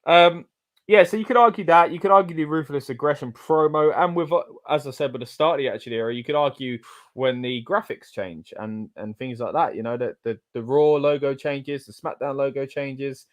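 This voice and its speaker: An English man co-hosting a casual watch-along, chatty and excitable with loud exclamations. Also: medium pitch, brisk. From England. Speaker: co-host.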